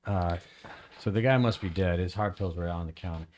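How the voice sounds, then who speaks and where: A man on a podcast telling a story in casual chat, rambling and halting with many fillers and restarts. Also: sits low, darkish tone. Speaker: podcast host.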